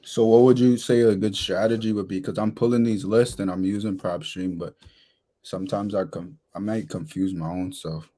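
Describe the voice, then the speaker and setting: A man's voice: lowish voice, steady tone, moderate pace, mellow. A man from Massachusetts, a beginner investor, asks for advice in a polite, slightly hesitant way.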